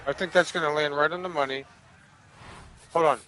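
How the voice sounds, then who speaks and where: A man's voice: on the high side, fairly even intonation, a little fast, pushed and bright, poor audio. A man casually commentating a golf video game, joking and cursing back at the game's commentators. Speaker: gaming streamer. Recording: game crowd and noise behind. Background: golf game crowd ambience.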